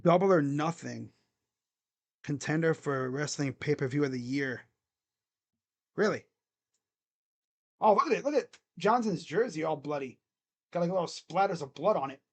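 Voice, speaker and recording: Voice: mid-range voice, expressive, normal speed, long pauses. A sports reaction streamer giving casual live play-by-play, rambling and joking between plays and stretching out the calls during the action.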